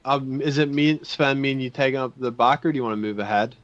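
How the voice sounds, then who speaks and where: A man's voice: mid-range voice, steady tone, quick pace, fairly bright tone, no echo, highs cut off. A man playing a tabletop game, talking in an easygoing, wry way. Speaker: player. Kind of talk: casual chat at a gaming table.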